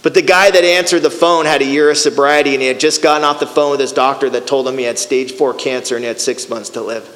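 A middle-aged man giving a personal recovery testimony, storytelling in an animated way and acting out the voices of the people in it. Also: a little high. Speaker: recovery speaker. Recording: hall with long reverb.

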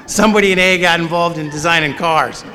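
A man's voice: on the high side, fast, noisy background. A middle-aged man telling a funny personal story at a recovery meeting, with a wry, self-mocking manner. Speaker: speaker sharing his story at a recovery meeting. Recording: long reverb of a large hall.

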